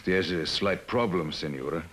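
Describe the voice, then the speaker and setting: A man's voice: low voice, moderate pace, a bit bright. An actor playing a cowed middle-aged henchman in 1950s TV drama style, hesitant and pleading. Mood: nervous.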